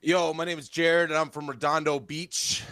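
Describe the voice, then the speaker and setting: A man's voice: a little high, little pitch movement, normal speed, pushed and bright, clear, resonant tone, dry recording. Man doing a slangy beach bro. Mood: cocky. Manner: slangy, laid-back bro talk. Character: young surfer-bro party guy. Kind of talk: improv comedy. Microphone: video call.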